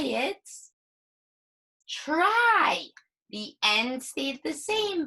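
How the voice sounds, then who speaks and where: A woman teaching a young child to read, slowly sounding out words and patiently guiding each line. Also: medium pitch, creaky, pushed and bright. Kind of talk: early reading lesson for young children.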